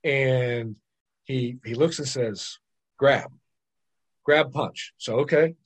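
A man, a podcast guest, telling stories in lively casual chat, often repeating words and checking in with "right?". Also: medium pitch, takes it slowly, husky. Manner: animated storyteller, repeats words and asks "right?". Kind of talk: casual storytelling.

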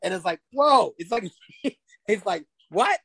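An older man talking as a podcast guest in a rambling, animated way, laughing often as he tells stories. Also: sits high, measured pace, creaky, husky, no echo. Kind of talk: casual interview chat.

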